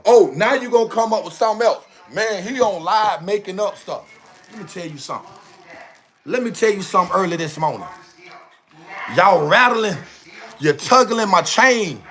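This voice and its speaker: A man holding forth on a livestream, his voice pitched high and swinging all over. He talks in a heated, emphatic way and drives each point home by repeating it. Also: fairly bright tone. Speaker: live streamer. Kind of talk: casual livestream rant.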